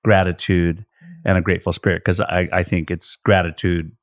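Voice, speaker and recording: A middle-aged man from California with a low-pitched voice, talking as a pastor in a relaxed podcast chat. He explains scripture earnestly and often stops and restarts his sentences as he thinks aloud. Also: normal speed. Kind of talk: casual faith podcast conversation.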